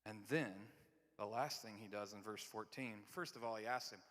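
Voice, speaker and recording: A man preaching a sermon in a large church. He talks conversationally and swings from loud, emphatic lines to hushed, near-whispered ones. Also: lowish voice, normal speed. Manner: conversational, repeats and restarts words. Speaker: pastor. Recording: long hall reverb.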